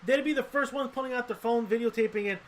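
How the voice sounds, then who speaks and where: A man co-hosting a casual podcast, telling animated, profane stories. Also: very high-pitched, quick pace, a little hiss or hum. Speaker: podcast co-host. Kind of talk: casual chat.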